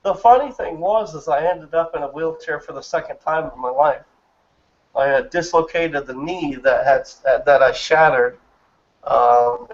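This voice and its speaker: A man in his thirties telling a personal story in an earnest, emotional way during a casual chat. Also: a little high. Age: 30s. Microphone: online voice chat. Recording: muffled lo-fi voice chat audio.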